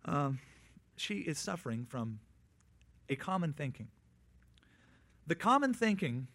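Conversational preacher with a fairly high voice. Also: male voice, fairly bright tone. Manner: conversational preaching with quick asides and acted-out quotes. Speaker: pastor. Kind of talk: sermon.

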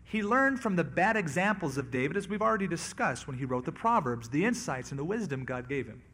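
Conversational male pastor, slightly high voice. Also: sing-song, a little fast, a bit bright. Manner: conversational, acts out quoted voices. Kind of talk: expository sermon on scripture.

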